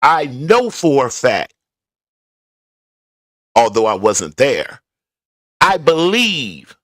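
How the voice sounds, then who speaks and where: With a sing-song delivery and drawn-out words, a male vlogger rambles conversationally to viewers about his drive to work, in a garage. His mid-range voice is a bit bright. Studio-quality sound with no room sound.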